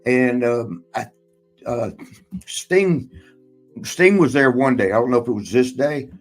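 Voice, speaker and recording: A man's voice: mid-range voice, measured pace, faint music behind, rough recording. A man hosting a casual chat, telling a long personal story in a rambling way, swearing often and laughing between lines. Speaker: podcast host and former wrestler.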